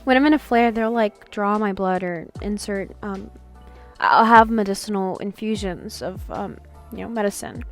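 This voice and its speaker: A young woman talking candidly in a personal vlog about living with chronic illness, halting and full of fillers, with soft laughs. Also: mid-range voice, soft background music. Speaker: vlogger.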